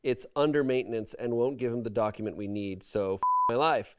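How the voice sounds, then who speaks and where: A man with a smooth, medium-pitched voice talks briskly as host of a casual comedic podcast. He reads online stories aloud, adding wry, amused remarks between passages.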